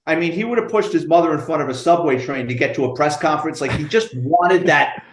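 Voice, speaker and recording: Older new guy telling cop stories, swears a lot, voice a bit high, echoey room. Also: slight background noise. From United States. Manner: animated, profane storyteller acting out dialogue. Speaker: retired police detective guest. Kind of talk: storytelling interview.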